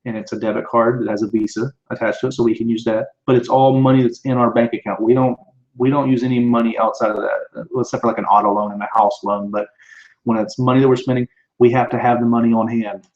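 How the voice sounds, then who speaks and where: A man, likely in his thirties, chats casually on his live show, answering viewers in a rambling style full of restarts and fillers. His voice is medium-pitched, steady, a little mellow, and quick. Highs are cut off in the audio from his computer microphone.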